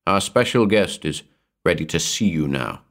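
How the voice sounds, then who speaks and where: A man voicing an eerie blank-faced male hotelier in a horror audiobook, speaking in hollow, monotonous, formal tones. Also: deep voice. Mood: solemn. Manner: measured, formal, softly commanding.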